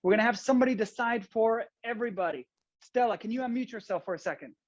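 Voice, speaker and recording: A man's voice: very high voice, fast. Playful Israeli-accented man doing magic. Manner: playful, chatty, coaxing the audience. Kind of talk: interactive magic show over video call. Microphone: video call. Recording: dull lo-fi call audio.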